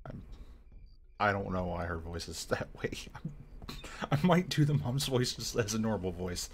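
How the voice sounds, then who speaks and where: A man's voice: lowish voice, lively intonation, moderate pace, long pauses, slight background noise. A male streamer giving casual, rambling, self-deprecating commentary while playing a game.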